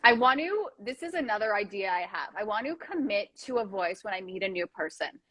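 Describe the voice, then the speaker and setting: A young woman hosting a casual chat, animated and jokey, often laughing. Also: mid-range voice, fairly quick, a little hiss or hum, rough recording. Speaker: host.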